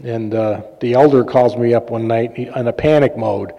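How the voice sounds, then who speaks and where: A man's voice: medium pitch, steady tone, moderate pace, dull audio. A man preaching a sermon, telling personal stories in a conversational, joking way with fillers and laughs. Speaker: pastor and healing minister. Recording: long reverb of a large hall.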